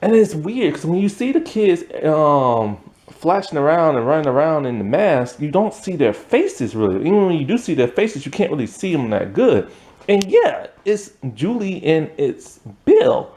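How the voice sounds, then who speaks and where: A man casually recapping a TV episode, rambling with fillers and laughing now and then. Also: moderate pace. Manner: lively pitch, acts out quotes. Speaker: show reviewer.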